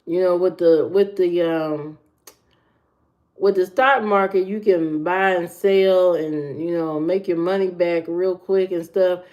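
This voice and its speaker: A woman's voice: lowish voice, fairly even intonation, slow pace. A woman hosting a casual livestream, giving blunt, opinionated dating advice to her viewers. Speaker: livestream host. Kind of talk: casual live chat reacting to viewers. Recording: muffled lo-fi livestream audio.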